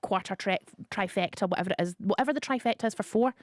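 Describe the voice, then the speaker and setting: A woman's voice: mid-range voice, quick pace, dry recording. A woman hosting a radio show in a studio, chatting casually, laughing often and jumping between tangents. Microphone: studio microphone.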